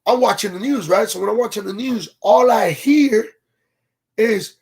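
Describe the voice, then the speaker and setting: Husky high-voiced man telling a story. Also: moderate pace, darkish tone. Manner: slangy, rambling, keeps asking "you feel me"; greets viewers from live comments mid-story. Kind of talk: casual livestream storytelling.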